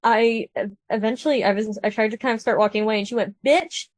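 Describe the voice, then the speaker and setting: A woman's voice: mid-range voice, fast, no echo. A woman telling a story in casual podcast chat, acting out the people she quotes. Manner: animated storyteller, acts out quoted voices.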